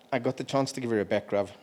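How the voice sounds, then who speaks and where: Delivering a eulogy at a family member's memorial, a middle-aged man sounds halting and emotional, stopping to clear his throat. His voice is medium-pitched and a little mellow.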